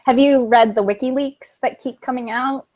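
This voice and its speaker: A woman's voice: high voice, steady tone, normal speed, darkish tone. A woman co-hosting a radio show, chatting casually and passing along things she has read. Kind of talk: casual talk radio chat.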